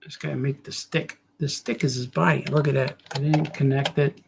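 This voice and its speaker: A man's voice: medium pitch, level tone, normal speed, gravelly, noisy background. A middle-aged man, a cartoonist, chatting loosely as he draws, with joking, self-mocking asides. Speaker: cartoonist streamer. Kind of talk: rambling casual chat while drawing.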